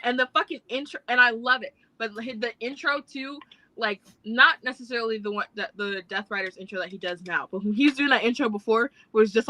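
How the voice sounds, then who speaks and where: A woman's voice: a little high, sharp tone, dry recording, rough recording. A woman co-hosting a podcast, chatting casually with profane, laughing banter. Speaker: podcast co-host. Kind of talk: casual chat.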